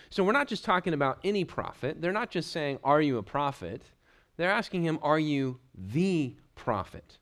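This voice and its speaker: A man preaching a verse-by-verse sermon, reading scripture passages aloud and explaining them, now and then clearing his throat. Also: a little high, fairly bright tone. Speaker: pastor. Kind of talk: expository sermon.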